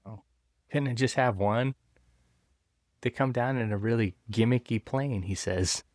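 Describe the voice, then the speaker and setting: A man co-hosting a casual comic book podcast, playful and quick to laugh. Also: medium pitch, no echo, clean studio sound. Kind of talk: casual chat.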